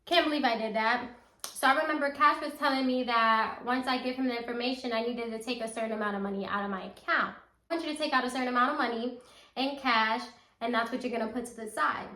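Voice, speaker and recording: A young woman tells a story straight to her viewers, acting out every quote with animated asides. Her voice sits high and bright, and the room around her rings with echo. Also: fast talker. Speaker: storytime vlogger. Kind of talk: casual storytelling to camera. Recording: echoey room.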